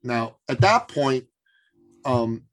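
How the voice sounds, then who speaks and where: A man, a coaching guest on a podcast, telling a story casually with animated delivery and frequent restarts. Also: mid-range voice, slow.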